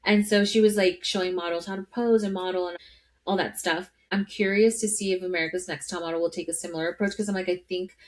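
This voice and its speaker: A woman's voice: lowish voice, fairly even intonation, quick pace. A woman co-hosting a podcast in casual chat, talking with lots of fillers and often overlapping her co-host.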